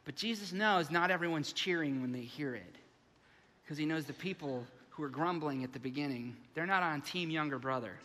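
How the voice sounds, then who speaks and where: A man from the United States preaching a sermon as pastor, animated and acting out the voices in his stories. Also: a little high, moderate pace, big-room sound. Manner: animated, acts out voices, frequent restarts. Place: large church sanctuary.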